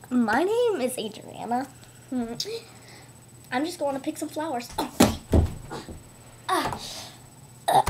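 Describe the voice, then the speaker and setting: Woman, silly improvised comic skit, giggly and rambling, high unhurried delivery. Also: sing-song, background noise. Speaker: comedy video maker.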